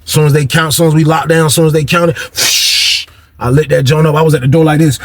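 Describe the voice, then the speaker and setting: A young man with a gravelly, husky voice tells a story from his own life. He talks in loose, slangy bursts and acts out the people he quotes, his voice riding a little high for a man. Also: level tone, fast. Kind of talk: casual storytelling.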